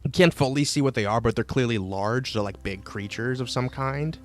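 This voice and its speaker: A man narrating a tabletop game as game master, pausing often with fillers. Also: mid-range voice, dry recording. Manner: halting, with many fillers.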